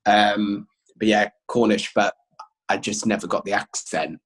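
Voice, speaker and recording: A man from Cornwall chatting casually as a podcast guest, quick and self-deprecating. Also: lowish voice, steady tone, a bit bright, low-quality recording. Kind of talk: casual chat.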